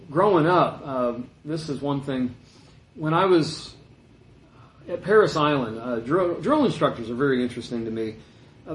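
A middle-aged man preaching a sermon in a conversational, storytelling way, dropping to a hush and rising again. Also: mid-range voice, reverberant, poor audio. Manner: conversational, anecdotal, shifts between loud and hushed.

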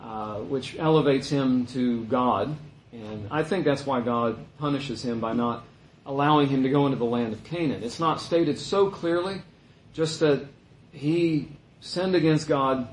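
A man giving conversational Bible teaching in an animated way, his voice jumping higher when he mimics the complainers. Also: unhurried, slight background noise. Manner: animated, voice rising high when quoting complainers. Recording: roomy echo.

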